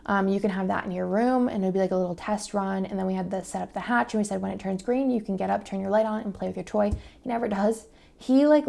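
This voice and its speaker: Brief: young woman planner vlogger, very creaky fry, rambling casual chat, now and then whispers. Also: mid-range voice, dark tone. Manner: chatty, rambling, many fillers; drops to a whisper at times.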